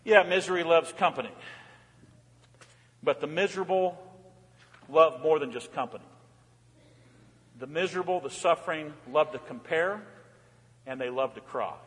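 A middle-aged man, a pastor, giving a fervent sermon in a church, moving between raised cries and soft, low asides. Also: measured pace, long pauses. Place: church sanctuary. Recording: reverberant church hall.

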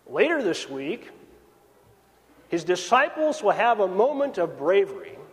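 A man preaching a sermon, swinging between raised emphasis and hushed, drawn-out phrases. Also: sits high. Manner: dramatic swings from loud to hushed. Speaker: pastor. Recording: long reverb of a large hall.

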